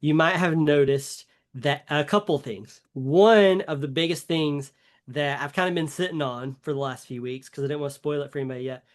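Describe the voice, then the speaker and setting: A man's voice: fairly high pitch, moderate pace. A man with a Southern US accent, co-hosting a podcast in a chatty, rambling way with many fillers. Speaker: podcast co-host. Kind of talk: casual chat.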